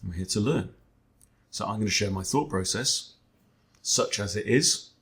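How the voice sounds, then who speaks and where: A man with a fairly low, gravelly voice talks through a chess game as he plays it. He is wry and self-deprecating and often mutters his thoughts half to himself. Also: lively intonation, unhurried, a bit bright. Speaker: chess coach. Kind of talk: thinking aloud during an online chess game.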